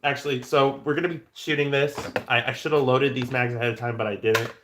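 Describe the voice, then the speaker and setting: A man's voice: medium pitch, fairly even intonation, fast talker, a bit bright, a little hiss or hum. Rambling, joking man streaming live. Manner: rambling and joking, with frequent stammered restarts. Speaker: livestream host. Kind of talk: casual livestream chat answering viewers.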